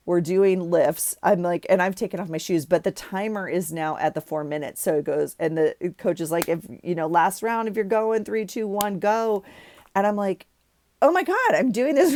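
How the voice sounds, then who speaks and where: Chatty woman with a low, gravelly voice. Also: darkish tone, no room sound, clean studio sound. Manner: chatty storytelling, many fillers and self-corrections; laughs at herself often. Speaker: vlogger journaling. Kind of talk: casual chat while journaling.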